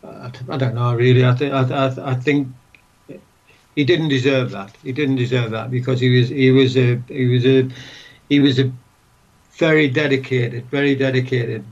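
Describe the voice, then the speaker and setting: A man's voice: mid-range voice, fairly even intonation, normal speed, a little mellow, dull audio. Older man rambling through old memories. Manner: rambling, many restarts and "what have you". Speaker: former footballer, guest. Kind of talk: casual interview reminiscing.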